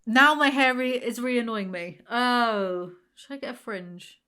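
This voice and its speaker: A woman's voice: fairly high pitch, slow pace, bright, forceful tone, clean tone. A woman chatting casually as a book reviewer, rambling and sarcastic, going off on tangents. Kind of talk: casual chat.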